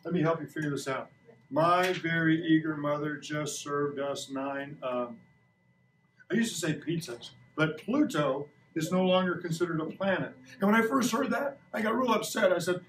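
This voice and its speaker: Man, 60s, playful classroom science teacher; slightly high voice, roomy distant classroom sound. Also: expressive, moderate pace, fairly bright tone, slight background noise. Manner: playful, joking, asks kids questions. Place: school classroom. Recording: echoey classroom recorded from a distance.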